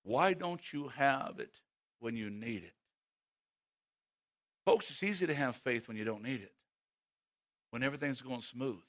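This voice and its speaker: A man preaching a sermon who swings between loud, emphatic calls and hushed, slow passages, and often asks the congregation direct questions. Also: mid-range voice, expressive.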